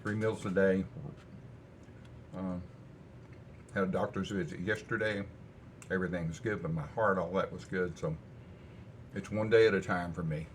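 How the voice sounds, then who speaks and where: A man's voice: deep voice, fairly even intonation, moderate pace, long pauses, a little hiss or hum. An older man chatting casually in a homey, folksy way while cooking and tasting food in his home kitchen. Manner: easygoing, folksy, rambling. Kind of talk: casual cooking vlog chat.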